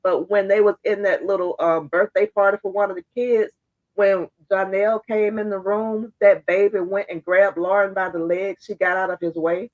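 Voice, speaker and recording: A woman giving blunt, fired-up opinion commentary straight to her viewers, her voice hoarse and congested. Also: medium pitch, little pitch movement, normal speed, a little mellow, muffled recording. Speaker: social media commentator.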